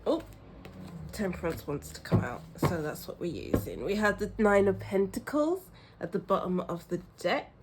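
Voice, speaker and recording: Her medium-pitched voice has lively intonation and a moderate pace, set against background noise. As a tarot reader offering a pick-a-card reading, she speaks effusively and emotionally right to the audience, laughing and sighing a lot, warm and reassuring throughout.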